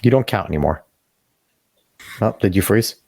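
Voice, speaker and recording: A man's voice: on the low side, expressive, normal speed, vocal fry, darkish tone, slightly rough, dry recording, clean studio sound. A man co-hosting a podcast over a video call, ranting emphatically with profanity and sudden rising outbursts. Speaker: podcast co-host. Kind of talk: casual opinion podcast chat.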